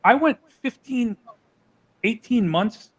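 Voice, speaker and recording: A man's voice: very high-pitched, lively intonation, takes it slowly, husky, rough recording. A man being interviewed, telling heated stories and swearing freely. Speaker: interview guest. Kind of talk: casual interview.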